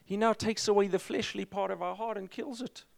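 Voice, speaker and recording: Pastor, male, lively preacher who mixes in jokes; high, smooth voice, close and dry. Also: brisk, no room sound. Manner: energetic, emphatic preaching with jokes. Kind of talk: sermon.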